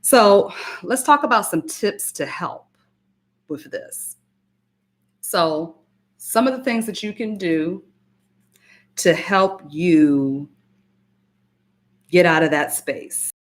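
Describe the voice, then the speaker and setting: A woman's voice: medium pitch, animated, measured pace. A woman giving emphatic spiritual self-help advice on a live stream, repeating phrases and greeting viewers by name. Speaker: spiritual coach and hypnotist.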